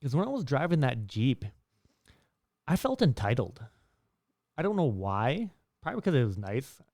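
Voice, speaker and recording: Speaking at a moderate pace in a clean, dry studio recording, a young man talks casually to camera as a life-advice vlogger. His monologue rambles with fillers and false starts, and his pitch shoots up whenever he acts out dialogue in his stories.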